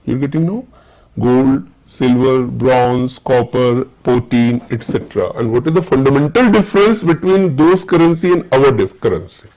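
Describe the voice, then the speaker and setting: A man's voice: mid-range voice, lively intonation, normal speed, darkish tone, rough recording. A man with an Indian accent, teaching a classroom lecture and often asking the students whether they are following. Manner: checks understanding with repeated questions.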